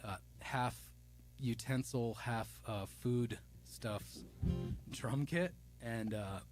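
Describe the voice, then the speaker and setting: A man's voice: mid-range voice, extremely slow. A man hosting a casual music live stream, chatting loosely and playfully as he reads out viewer comments. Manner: rambling and playful, reading viewer comments aloud; loose and self-deprecating, with many restarts.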